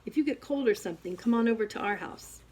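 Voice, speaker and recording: A woman reading an audiobook, voicing a quiet, gentle teenage boy who speaks softly. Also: on the high side, animated, quick pace, breathy edge, pitched above the performer's own voice. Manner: soft-spoken.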